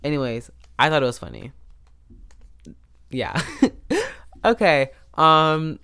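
A man's voice: a little high, very animated, slow, bright, forceful tone, smooth. A man hosting a podcast, telling a story in a rambling, casual way, often cutting himself off with restarts and asides. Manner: self-interrupting, restarts and asides. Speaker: podcast host. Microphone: podcast microphone.

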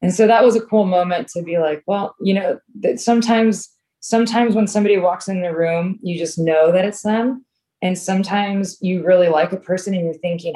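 A woman's voice: on the low side, brisk, warm tone. A woman talking casually in an interview, telling a long story full of "like", fillers and restarts. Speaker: filmmaker guest.

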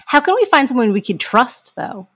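A woman's voice: fairly high pitch, very animated, moderate pace, fairly bright tone, husky, no echo, studio quality. A woman hosting a podcast, asking questions and closing the show in an upbeat, playful way. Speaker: podcast host. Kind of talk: podcast interview and outro.

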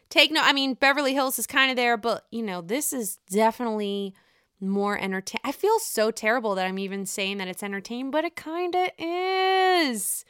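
Gushing, profane woman with a bright voice. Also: high voice, clean tone, no echo, studio quality. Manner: gushing, gossipy and profane, swings from mutters to excited outbursts. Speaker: reality TV commentator. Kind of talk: casual chat.

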